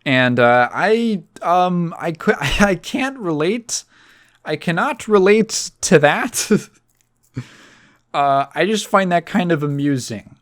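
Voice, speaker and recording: A man's voice: sits high, expressive, slow. Male podcast host, casual chat, rambling and profane, laughs often.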